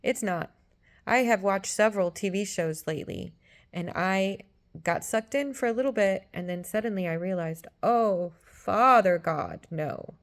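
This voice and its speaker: A woman in her forties or fifties giving a Christian teaching talk, emphatic, acting out quoted voices with sudden leaps in pitch and loudness. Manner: emphatic, acts out voices with big pitch jumps. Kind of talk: teaching sermon.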